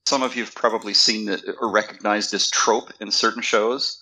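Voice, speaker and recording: Man panelist, bright forceful tone, casual chat, halting restarts. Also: on the low side, fairly even intonation, low-quality recording.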